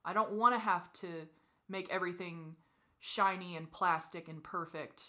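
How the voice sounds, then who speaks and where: A woman venting in a personal confessional vlog, teary and frustrated, with sighs and soft muttered asides. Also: on the low side, moderate pace. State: teary, crying. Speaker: vlogger.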